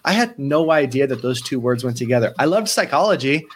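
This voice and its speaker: With a medium-pitched voice, a breathy edge, and a slightly fast delivery, this sports psychology coach in his thirties tells stories in a casual interview. His manner is animated, full of acted-out quotes and frequent restarts.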